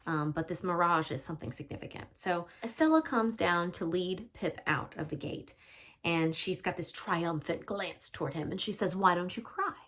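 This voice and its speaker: A woman's voice: on the low side, lively intonation, moderate pace, fairly bright tone. A woman English teacher giving a chatty literature lesson, explaining with casual fillers.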